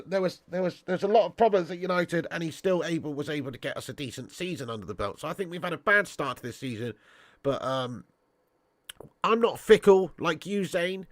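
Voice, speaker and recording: A man hosts a football fan stream, bantering bluntly and swearing with viewers. His voice sits a little high and sounds stuffy. The recording is close and dry. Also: a bit bright, no room sound. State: stuffy nose. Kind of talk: casual live-stream chat reading viewer comments.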